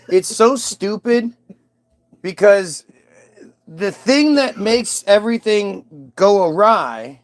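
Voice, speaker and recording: A man's voice: high voice, no room sound. A man delivering a profane comedic rant in a sarcastic, irreverent, rambling way.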